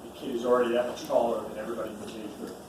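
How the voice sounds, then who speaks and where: A man's voice: mid-range voice, flat delivery, rapid-fire. A man who coaches youth football telling a story to students, acting out the lines of the people in it. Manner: acts out dialogue while telling stories. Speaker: retired Navy SEAL and youth football coach. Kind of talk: storytelling talk. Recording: echoey hall from far off with hiss.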